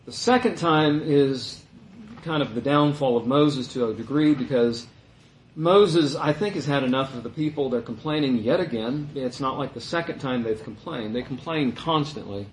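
A man giving conversational Bible teaching in an animated way, his voice jumping higher when he mimics the complainers. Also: moderate pace, slight background noise. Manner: animated, voice rising high when quoting complainers. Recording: roomy echo.

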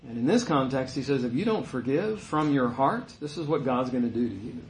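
A man's voice: medium pitch, expressive, fairly quick, roomy sound, a little hiss or hum, low-quality recording. A male pastor preaching a sermon in a conversational way, rising to emphatic peaks.

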